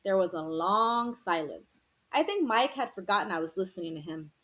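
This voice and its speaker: A woman narrating a first-person novel in a calm, reflective reading voice. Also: fairly low pitch, normal speed. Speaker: audiobook reader.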